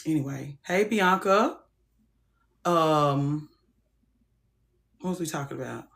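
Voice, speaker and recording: Woman, livestream host, casual chat, frank, soft to loud swings, lowish voice. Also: slow pace, creaky.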